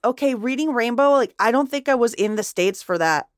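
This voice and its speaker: A young woman co-hosts a podcast in easy, chatty conversation. She talks in quick asides and laughs often, and her voice sounds dry and close to the mic. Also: a little high, lively intonation, clear, resonant tone, dry recording. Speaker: podcast co-host. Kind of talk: casual chat.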